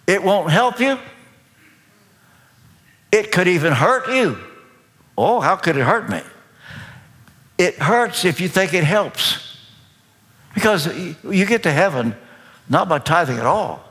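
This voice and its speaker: A man with a Kentucky accent preaching a sermon as pastor, slow, deliberate and emphatic. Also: sits high, expressive, a bit bright. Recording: long reverb of a large hall.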